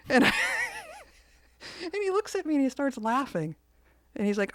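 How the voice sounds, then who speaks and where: A woman's voice: high-pitched, huge pitch swings, a little slow, long pauses, dry recording. A woman co-hosting a podcast, telling a story in casual chat and acting out the quoted lines. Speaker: podcast co-host.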